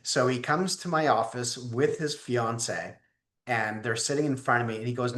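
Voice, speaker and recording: A man's voice: medium pitch, normal speed. Storytelling man in a roomy echo. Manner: animated, acts out voices in his stories. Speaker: guest leadership teacher. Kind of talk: conversational storytelling.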